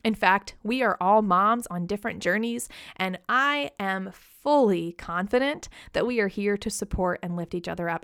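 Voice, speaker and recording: A woman's voice: a little high, fairly bright tone, dry recording, studio quality. A woman in her thirties hosting a podcast, telling a personal story in a candid, chatty way and laughing at herself. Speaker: podcast host.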